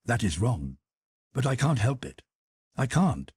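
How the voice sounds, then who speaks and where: A man reading the part of a grieving, humiliated middle-aged nobleman, halting and full of self-pity. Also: medium pitch, sing-song, darkish tone, husky, dry recording, studio quality, full character voice. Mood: anguished. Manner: halting, self-pitying, anguished. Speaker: character in audiobook.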